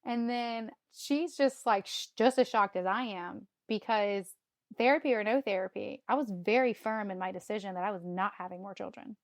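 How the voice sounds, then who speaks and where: Animated woman in her thirties, dry sound. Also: medium pitch, moderate pace, dry recording. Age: 30s. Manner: animated, acts out her own past lines, laughs often. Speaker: podcast guest. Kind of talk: casual storytelling.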